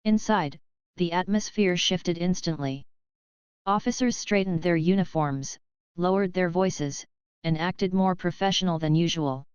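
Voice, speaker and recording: A woman reading a dramatic story aloud in a steady, even narrating voice. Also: on the low side, a little slow, clean tone, dry recording. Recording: dry, slightly dull lo-fi.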